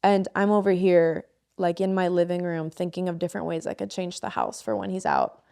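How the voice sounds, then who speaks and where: A woman's voice: lowish voice, little pitch movement, fairly quick, creaky, dark tone, clear, resonant tone. A woman in her twenties, a podcast co-host, frankly and emotionally telling a personal story with a lot of swearing. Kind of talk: candid podcast conversation.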